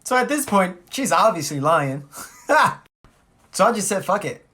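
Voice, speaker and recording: A man telling a story on his vlog in an animated, profane, comic way. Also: sits high, measured pace. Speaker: vlogger.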